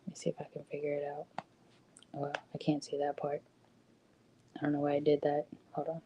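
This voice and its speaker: A woman's voice: low voice, monotone, a little fast, warm tone, a little hiss or hum. A woman giving a casual motivational talk, conversational, with frequent ums and rhetorical "right?" questions. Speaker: host.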